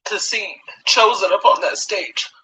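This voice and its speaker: A woman's voice: mid-range voice, a little slow, bright, forceful tone, in a whisper. A mother speaking out in blunt, profane, confrontational direct address. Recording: dull lo-fi sound.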